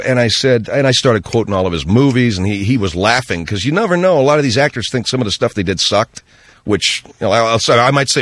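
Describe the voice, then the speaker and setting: A middle-aged man hosting a radio show, telling an animated story and slipping into voices when he quotes people. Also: mid-range voice, fast talker, dry recording. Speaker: radio host. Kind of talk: storytelling monologue on talk radio.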